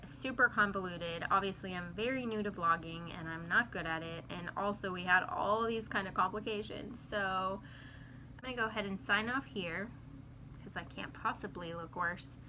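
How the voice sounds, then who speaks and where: A woman talking candidly to camera in a casual personal vlog, soft-spoken and heartfelt. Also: medium pitch, background noise. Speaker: vlogger.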